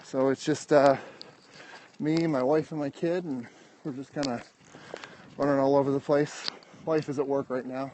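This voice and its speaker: An American vlogger livestreams a casual walk on steep city streets from his phone, chatting with viewers, answering their comments, and getting out of breath on the hills. His mid-range voice is mellow and level, at a moderate pace with frequent pauses. The recording is rough, with slight background noise.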